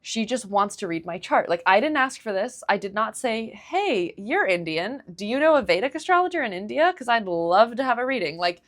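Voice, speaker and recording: A woman hosting a solo podcast, telling a confessional story in an animated way, acting out her own reactions and filling her speech with "like.". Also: a little high, brisk, hardly any pauses. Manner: heavy use of "like" fillers. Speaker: podcast host.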